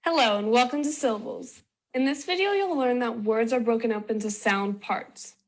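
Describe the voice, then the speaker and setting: A woman presenting a children's phonics video in slow, clear, sing-song scripted narration. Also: on the high side.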